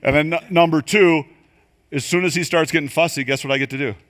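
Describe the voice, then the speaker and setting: An older man giving a church leadership training talk, animated and quick to act out the voices he quotes. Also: fairly high pitch. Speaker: leadership coach. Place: church venue.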